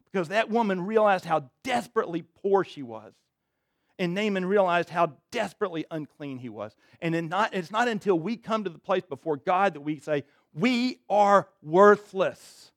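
A man preaching a sermon with a fairly high voice, close and dry with little room sound. He moves between reading scripture aloud and plain conversational comment. To stress a point he sinks low and quiet. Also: no room sound. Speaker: pastor.

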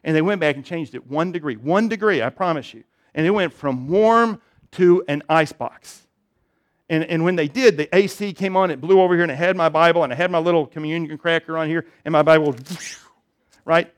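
This pastor preaches a sermon in a fairly high-pitched voice that runs a little fast. He tells funny personal stories with self-deprecating humor, building up to rising, emphatic appeals.

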